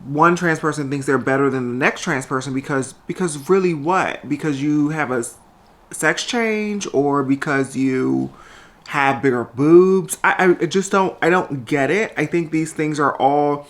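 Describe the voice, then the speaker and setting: Chatty, loud-talking transgender woman vlogger. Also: low-pitched, a little slow. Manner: chatty and animated, tends to talk loudly. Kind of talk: casual vlog chat. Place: indoors at home. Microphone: small microphone on a handheld tripod.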